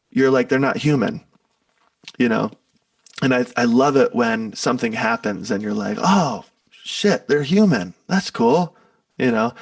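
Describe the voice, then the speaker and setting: A man's voice: mid-range voice, creaky, dry recording, distant mic. A man talking as an interview guest in a casual spiritual conversation, telling stories loosely and tagging his lines with "right?" and "you know".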